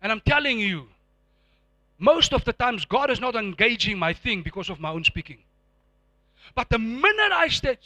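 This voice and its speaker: A man's voice: high-pitched, big pitch swings, moderate pace, sharp tone, dry recording. A middle-aged man preaching a sermon to a congregation, emphatic and repetitive, with call-and-response prompts. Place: church before a live congregation.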